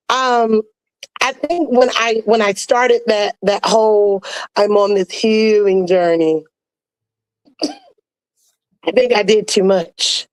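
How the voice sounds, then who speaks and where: A woman speaking as a podcast guest in casual, reflective chat, telling stories in an expressive, colloquial way over a video call. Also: on the high side, dry recording, rough recording.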